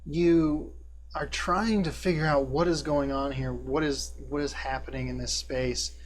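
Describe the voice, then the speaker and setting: A man running a tabletop game as game master, describing scenes with a measured, descriptive delivery. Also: on the high side, steady tone. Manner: descriptive, measured narration with fillers.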